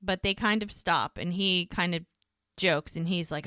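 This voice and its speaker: A woman's voice: fairly low pitch, a little slow, pushed and bright, no room sound. Woman co-host chatting casually, acts out the lines, dry close sound. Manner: retells scenes acting out both sides in quotes. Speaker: podcast co-host. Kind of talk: casual recap chat.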